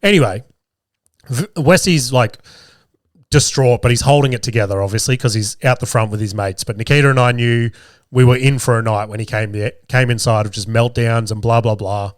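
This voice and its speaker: An Australian man in his thirties tells a story on his podcast in a loose, animated way and swears freely. His voice sits at an ordinary middle pitch. The sound is dry and close, with no room echo. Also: fairly quick. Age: 30s. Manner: swears constantly, animated and laughing while telling stories. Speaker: podcast host. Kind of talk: casual storytelling. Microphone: camera with podcast mic.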